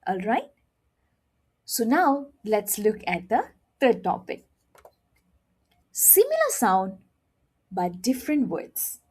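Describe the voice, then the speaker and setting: A woman's voice: mid-range voice, huge pitch swings, slow, pauses often, a little mellow, husky. A woman teaching a beginner language lesson, speaking expressively and modeling sounds with exaggerated tones while checking in with her learners. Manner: repeats "all right?" to check understanding.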